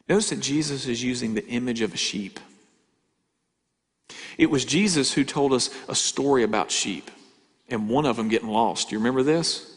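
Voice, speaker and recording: A male pastor preaching a sermon, asking rhetorical questions and swinging between loud emphasis and quiet asides. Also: mid-range voice, normal speed, husky. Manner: conversational preaching with rhetorical questions and dramatic shifts in volume. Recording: hall reverb.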